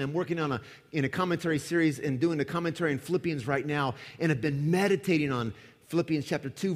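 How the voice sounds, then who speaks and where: A man preaching a sermon with dramatic emphasis, swinging from loud declarations to hushed lines. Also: fairly high pitch. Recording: echoey hall with long reverb.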